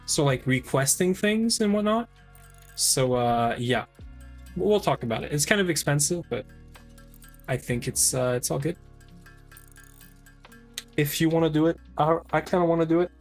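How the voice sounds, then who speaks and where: A man's voice: on the high side, lively intonation, normal speed, pauses often, faint music behind. Rambling male game streamer. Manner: rambling, hesitant, many fillers and restarts. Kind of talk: casual live-stream game chat.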